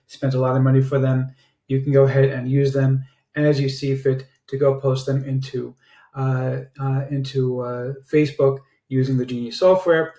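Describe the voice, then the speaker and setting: Chatty salesy man in an echoey room. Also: warm tone. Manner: chatty sales pitch with frequent filler "uh"s. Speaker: online marketer reviewing software. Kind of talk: casual product review screencast. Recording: roomy echo.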